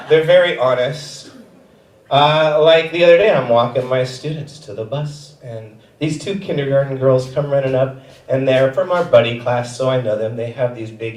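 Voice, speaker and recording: A young man of medium pitch does stand-up on a comedy theater stage, telling animated stories and jumping into voices. The distant mic picks up roomy theater acoustics and a bit of hiss or hum.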